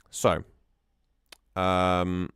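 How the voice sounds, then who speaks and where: A man's voice: deep voice, darkish tone, clean tone, dry recording, studio quality. Enthusiastic man rambling about music. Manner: enthusiastic, rambling, frequent restarts. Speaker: streamer doing music analysis. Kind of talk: casual livestream commentary.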